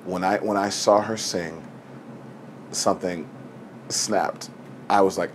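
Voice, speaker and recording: A man in his forties, a stage actor, telling a personal story in a lively way and acting out the voices he quotes. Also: low-pitched, slow pace, long pauses, a little hiss or hum. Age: 40s. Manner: animated, acts out quoted voices.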